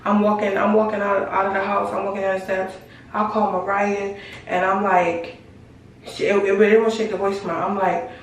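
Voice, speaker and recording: A woman's voice: medium pitch, steady tone, fast, recorded from a distance, a little hiss or hum. A young woman casually telling a slangy storytime vlog, acting out her own heated lines. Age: young adult. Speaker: vlogger. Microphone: camera mic. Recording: echoey room, voice from the mic.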